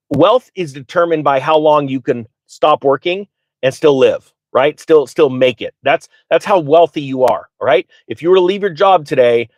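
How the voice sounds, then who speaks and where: A man hosting a live finance stream, talking off the cuff with excitement, often stumbling and restarting, and speaking straight to his viewers. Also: on the high side, no room sound. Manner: direct, addresses viewers and asks them to type answers. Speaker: finance livestream host. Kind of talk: live unscripted finance talk.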